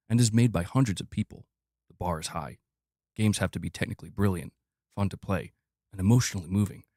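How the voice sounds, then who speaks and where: Slow, earnest middle-aged executive voiced by a man, lower register, dry recording. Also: darkish tone, no room sound. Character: impression of a middle-aged male game executive.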